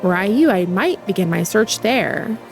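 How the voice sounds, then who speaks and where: A woman's voice: medium pitch, lively intonation, moderate pace, faint music behind, lightly acted. A woman reading aloud as a formal-spoken male guard from a game, in old-fashioned wording.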